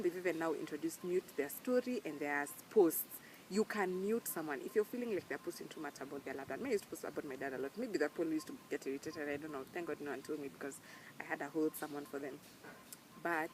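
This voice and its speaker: A woman's voice: low voice, a little mellow. Earnest Kenyan woman, noisy home recording. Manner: earnest, emphatic, mixes in Swahili slang words. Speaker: vlogger. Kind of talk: casual heartfelt talk to camera.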